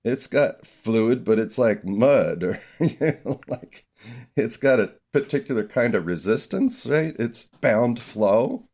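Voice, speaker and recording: A middle-aged man hosting a podcast about music teaching, chatting casually and telling animated stories with frequent laughter. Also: medium pitch, slow pace. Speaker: podcast host, early childhood music teacher.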